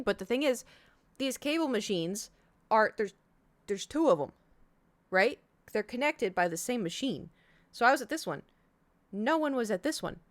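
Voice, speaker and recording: A woman's voice: fairly high pitch, animated, moderate pace, pauses often, no echo. Chatty rambling woman streamer, dry sound. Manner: rambling, self-interrupting storytelling. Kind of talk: casual chat with stream chat. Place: home.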